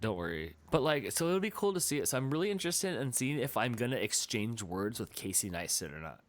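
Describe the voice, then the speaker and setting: A man co-hosting a podcast in casual live-stream chat, rambling and animated, slipping into silly voices for quotes. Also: mid-range voice, fairly quick. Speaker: podcast co-host.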